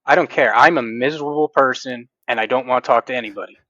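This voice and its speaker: A man co-hosting a sports podcast, speaking with emphatic, passionate conviction. His voice sits at a middle pitch, and the recording is dull, lo-fi and dry. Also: fast, sharp tone, no room sound. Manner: emphatic, passionate fan talk. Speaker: podcast co-host. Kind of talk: casual sports chat.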